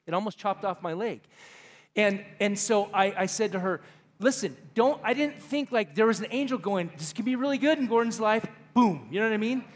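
Guy pastor with a high voice, chatty self-deprecating sermon, echo hanging in a big church hall. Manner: casual, rambling and self-deprecating. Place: church sanctuary.

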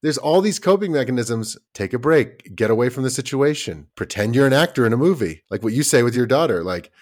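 A man co-hosting a podcast in casual chat, animated and acting out little quoted voices, with many fillers and restarts. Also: medium pitch, a little fast. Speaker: podcast co-host.

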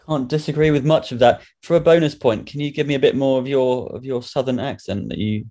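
A man's voice: medium pitch, a little fast, mellow. A man hosting a comic game show with dry, wry remarks. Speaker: quiz host.

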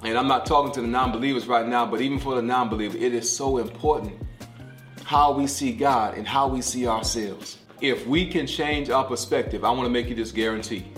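A man's voice: medium pitch, fairly even intonation, brisk, fairly bright tone, echoey room, soft background music. A middle-aged man giving a podcast devotional sermon, talking like a conversation and repeating key phrases for emphasis. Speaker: pastor.

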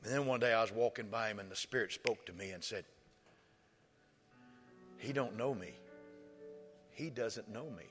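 Male preacher, bright and forceful, storytelling sermon, echoing church hall. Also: on the low side, moderate pace, long pauses. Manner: storytelling, rising to impassioned shouts. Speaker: pastor. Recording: reverberant church hall with soft music.

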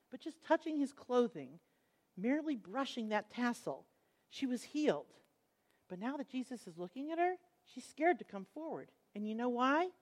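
Expressive, fairly high-voiced woman Bible teacher. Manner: expressive storytelling, acts out quotes.

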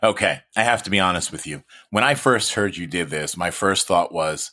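A man's voice: low-pitched, moderate pace, few pauses, bright, forceful tone. A man hosting a podcast in a loose, chatty way, swearing casually. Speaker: podcast host.

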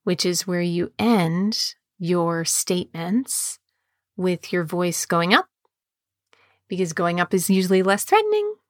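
A woman podcast host and embodiment coach, speaking in a calm, measured way and slowing down on key words. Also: fairly low pitch, no echo, studio quality. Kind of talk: podcast monologue.

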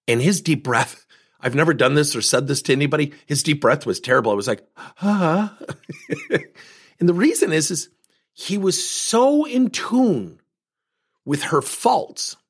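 A man hosting a coaching podcast, telling a client story in an animated way. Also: a little high, moderate pace, breathy edge. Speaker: podcast host and business coach.

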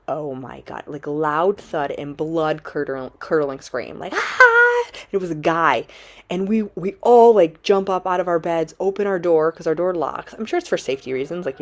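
A young woman with a low-pitched voice chats straight to camera, telling her story with plenty of drama. She talks loosely and casually, filling her sentences with "like". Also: fairly quick, a little mellow. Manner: dramatic, chatty, heavy use of "like". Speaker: travel vlogger.

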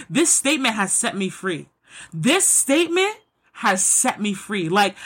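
A woman delivers a fired-up devotional pep talk, hammering the same lines again and again. Her voice is on the higher side and a little breathy. She reads scripture aloud and then prays, and her excitement keeps spilling over. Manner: emphatic, excitable and repetitive. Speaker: Christian motivational speaker.

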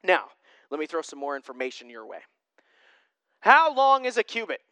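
A young male pastor preaches in a loose, conversational way, poking fun at himself between points. His voice sits high and bright, with a smooth, clean tone. The sound is dry and close, with no room behind it. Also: normal speed, no echo. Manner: conversational, self-deprecating, with lively asides. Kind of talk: sermon.

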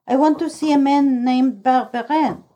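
A woman reader voicing an eager young boy who asks imploring, excited questions in a storybook reading. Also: high-pitched, normal speed, close to an everyday voice. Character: eager young boy searching for his family.

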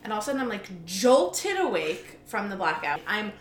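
A woman's voice: mid-range voice, very animated, a little fast. A woman in her twenties, co-hosting a podcast, joking and chatting casually. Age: 20s. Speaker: podcast co-host. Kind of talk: casual chat. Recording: echoey room, faint background noise.

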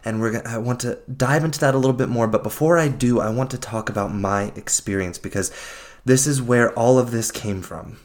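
Guy rambling heartfelt on his podcast, earnest, slow emphatic delivery, mid pitch. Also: darkish tone. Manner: earnest, slow and emphatic, often addressing listeners as friends. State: getting emotional. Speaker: podcast host. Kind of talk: unscripted heartfelt monologue.

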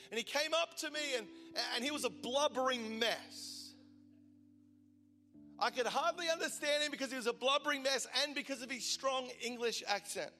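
Man, 40s, passionate preacher, high bright tone, hushed to loud, big church hall reverb. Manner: impassioned, swinging from loud declaration to hushed intimacy. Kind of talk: sermon. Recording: large hall reverb with soft music behind.

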